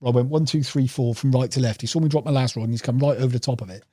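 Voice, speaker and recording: A man's voice: medium pitch, rapid-fire, mellow, no echo, clean studio sound. A man telling rambling fishing anecdotes as a podcast guest, calling the host "mate". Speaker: podcast guest, carp angler. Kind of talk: casual storytelling interview.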